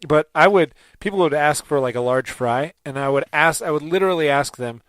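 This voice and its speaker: A man's voice: fairly high pitch, brisk, fairly bright tone, clean tone, no echo. A young man co-hosting a podcast, telling jokey stories and laughing a lot. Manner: jokey, laughs often, acts out voices. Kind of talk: casual chat.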